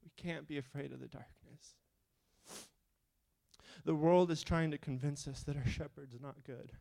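A man preaching a sermon, moving between quiet questioning and loud, fervent appeals. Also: a little high, fairly even intonation, unhurried, creaky.

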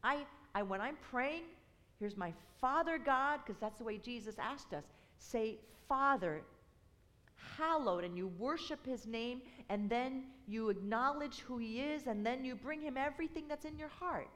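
A woman's voice: fairly high pitch, normal speed, a bit bright. Woman, earnest testimony speaker, builds to fervent emphasis; reverberant hall sound. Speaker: university outreach representative. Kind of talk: personal testimony.

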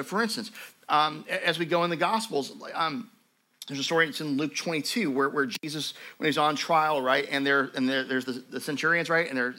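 A man teaching a sermon as pastor, telling stories in a lively conversational way with frequent asides to his listeners. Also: on the high side. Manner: animated storytelling, conversational asides.

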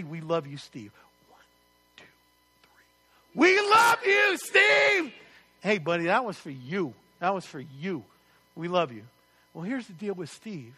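A man preaching a sermon as pastor, lively and conversational, asking his congregation rhetorical questions. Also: high voice.

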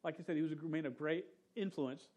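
A young adult man giving a casual sermon as a pastor, talking loosely with lots of "dude" and "man," and trailing off quietly at the ends of his points. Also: a little high, fast talker, dull audio.

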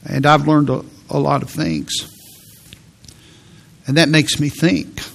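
An older man preaching a sermon to his congregation. His voice sits a little high, and he talks in halting runs with restarts and repeated words. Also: expressive, vocal fry. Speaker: pastor.

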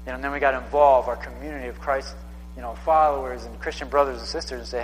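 A man's voice: mid-range voice, fairly even intonation, fast, in a large hall, a little hiss or hum, low-quality recording. A man in his thirties preaching a sermon in a casual, conversational way, often repeating himself for emphasis. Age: 30s. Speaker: pastor.

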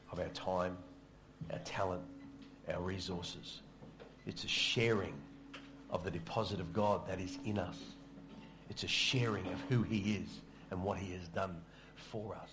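A man's voice: sits low, measured pace. A middle-aged man preaching a sermon, telling a story in a conversational, self-deprecating way with small stammers. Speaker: pastor.

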